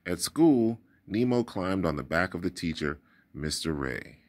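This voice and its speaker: Man, storybook read-aloud, deep low voice, very lively intonation, dramatic reading. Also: measured pace. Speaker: storybook reader.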